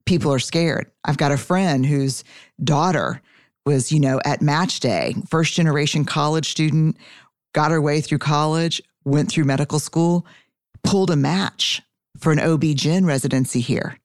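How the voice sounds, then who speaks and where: A woman's voice: low voice, normal speed, dry recording, studio quality. A middle-aged woman hosting a podcast conversation, candid and earthy, with casual swearing. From Texas. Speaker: podcast host.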